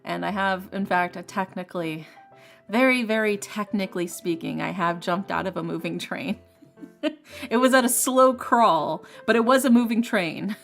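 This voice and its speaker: A young woman streamer tells a long, rambling story in a casual, animated way. She laughs often and restarts her sentences. Her voice has a gravelly edge, with soft music playing in the background. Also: medium pitch, moderate pace.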